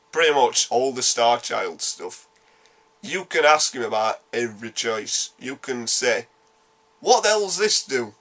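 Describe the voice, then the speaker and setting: A man with a Yorkshire accent giving a casual spoken game review, animated, blunt and sweary, rambling quickly through his points. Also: medium pitch. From Yorkshire, England.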